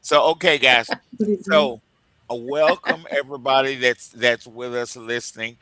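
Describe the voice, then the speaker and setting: A man's voice: mid-range voice, fairly even intonation, unhurried, sharp tone. A man from co-hosting a radio talk show on recruiting, joking and laughing often in casual chat.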